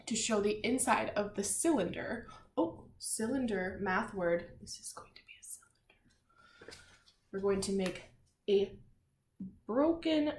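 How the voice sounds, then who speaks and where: Slow-talking woman teaching young children. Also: a little high. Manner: slow, gentle classroom instruction with spelled-out letters. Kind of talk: children's lesson, slow spelling and reading aloud. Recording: echoey room with faint noise.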